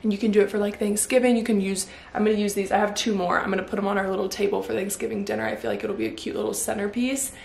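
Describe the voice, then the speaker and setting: A young woman in her twenties chatting casually to camera at home in a vlog, excitable and full of fillers. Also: medium pitch, rapid-fire, vocal fry, hardly any pauses, roomy sound. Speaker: vlogger. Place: home living room.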